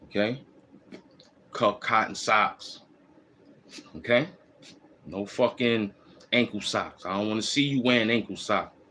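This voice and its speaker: A man's voice: lowish voice, a little slow, long pauses, sharp tone, slight background noise. A man hosting a casual walking vlog, giving loose, repetitive, slangy street advice. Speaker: host. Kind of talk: rambling streetwise monologue. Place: outdoors in the cold.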